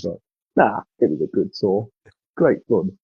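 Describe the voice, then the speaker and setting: A man's voice: sits low, animated, measured pace, vocal fry, slightly rough, dry recording. A man from England telling stories as a podcast guest, casual and swearing freely. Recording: dull dry lo-fi sound.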